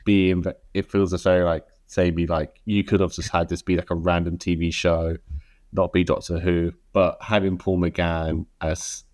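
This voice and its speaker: A man's voice: sits low, flat delivery, normal speed, a little mellow, dry recording, clean studio sound. A man co-hosting a podcast in casual chat, talking hesitantly with many likes and restarts. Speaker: podcast co-host.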